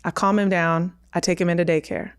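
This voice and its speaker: A woman's voice: lowish voice, fairly even intonation, brisk, crowd noise. A woman in her thirties telling a candid personal story on a podcast, emphatic, acting out what others said. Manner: emphatic, acts out quoted dialogue. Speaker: podcast guest.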